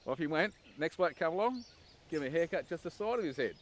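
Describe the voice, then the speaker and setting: A man's voice: medium pitch, lively intonation, fast talker, a little hiss or hum. A man, recalling his army training in a casual, wry documentary interview, with frequent "um"s and "and"s. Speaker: former army recruit, interviewee. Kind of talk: documentary interview, anecdotal recollection.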